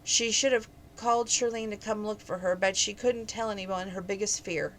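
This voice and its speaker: A woman reads a romance novel aloud in a relaxed, conversational way, now and then chatting to her listeners. Her voice sits at a middling pitch, with a faint hiss of noise in the background. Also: moderate pace. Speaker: book reader.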